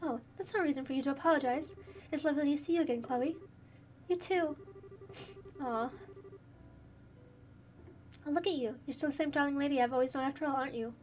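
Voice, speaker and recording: A woman's voice: high voice, fairly quick, long pauses, far from the mic, a little hiss or hum, natural voice. A woman voicing a kind, motherly older woman who runs an orphanage, with faint game music behind. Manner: warm, motherly.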